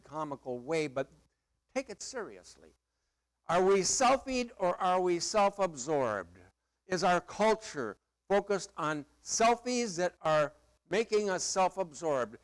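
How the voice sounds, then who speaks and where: A man's voice: a little high, very animated, a little slow. A middle-aged male pastor preaching a sermon in a conversational, emphatic way with playful asides.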